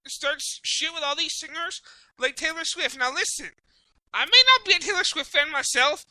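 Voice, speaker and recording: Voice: high-pitched, moderate pace, pushed and bright, no echo, rough recording. A podcast host ranting in casual profane chat, rambling and apologizing as they go. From Mexican heritage.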